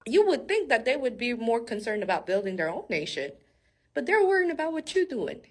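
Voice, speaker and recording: A woman giving a casual, animated Bible-story sermon. She laughs often and talks straight to her viewers. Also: on the high side, a little fast. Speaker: faith speaker.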